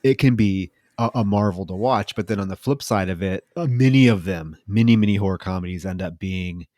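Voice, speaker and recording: Male podcast co-host, lowish voice, dry and measured, close dry sound. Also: a little mellow, no echo. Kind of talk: casual chat.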